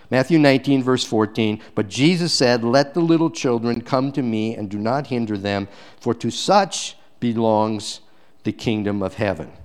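A male pastor preaching a sermon, swinging between loud emphatic peaks and quiet, intense passages, with rhetorical questions to the congregation. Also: medium pitch, smooth.

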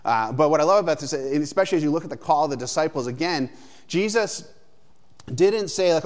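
A man's voice: on the high side, animated, fast talker, a little mellow. A man in his thirties preaching a sermon in a loose, conversational way, often checking in with "right?". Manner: conversational, frequent "right?" tags. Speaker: pastor.

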